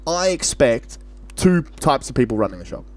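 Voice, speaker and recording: A man's voice: medium pitch, moderate pace. A man, co-hosting a podcast, ranting in a playful way and swearing often. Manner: animated, swearing, playful rants. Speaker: podcast co-host. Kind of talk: casual chat.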